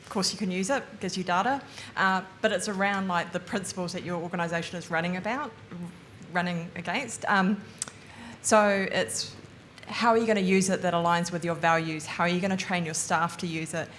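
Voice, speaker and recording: A woman speaking at a seminar, explaining things in a measured way. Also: on the low side, fairly even intonation, a bit bright, a little hiss or hum. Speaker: guest speaker. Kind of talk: seminar talk.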